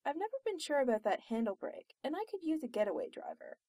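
A woman's voice: high-pitched, very animated, quick pace, mellow, no room sound, voice pushed up. Cool posh young woman, as a woman reads her, composed, dry.

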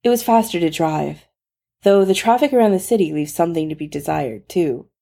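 A woman reading Tony, a soothing, steady man. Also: a little high, creaky. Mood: brisk, reassuring. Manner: soothing, brisk and practical. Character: caring, reassuring man, fast-talking and steady.

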